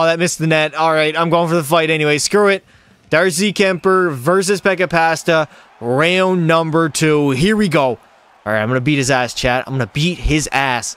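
A man's voice: fairly high pitch, a bit bright, clear, resonant tone, no room sound. A young man streaming a hockey video game, doing hyped play-by-play and answering chat with jokes. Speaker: gaming streamer. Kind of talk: live gameplay commentary with chat.

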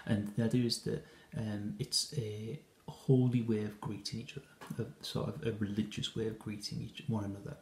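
A man's voice: lowish voice, flat delivery, normal speed, reverberant. A man teaching a lesson, walking through a scene of a play in an explanatory way with frequent hesitations and restarts. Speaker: English teacher.

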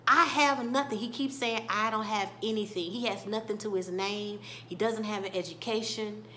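Female reviewer, casual and chatty, mid-pitched, recapping episodes scene by scene. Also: steady tone, normal speed, a bit bright, slight background noise. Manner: chatty, retelling scenes and quoting characters with little laughs. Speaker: TV show reviewer.

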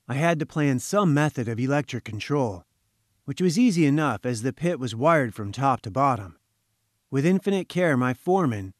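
Male audiobook reader, mid-pitched, dry close sound, measured first-person telling. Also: dry recording. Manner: measured, even storytelling. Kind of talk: scripted first-person story narration.

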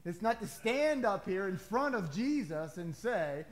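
Male pastor, somewhat high voice, conversational sermon with sudden emphatic lifts. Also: expressive, a little slow, few pauses. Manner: conversational preaching with emphatic rises and asides.

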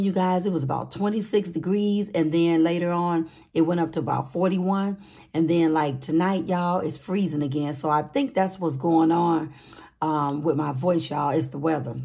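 A woman hosting a casual budgeting vlog, with a raspy voice and an upbeat, chatty manner, calling her viewers sweeties and honey. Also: on the low side. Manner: upbeat, excited. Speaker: budgeting channel host.

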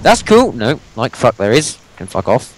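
A man commentating his own game, excitable, swearing constantly and yelling at his teammates. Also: mid-range voice, moderate pace, noisy background. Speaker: gamer. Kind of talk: let's-play commentary.

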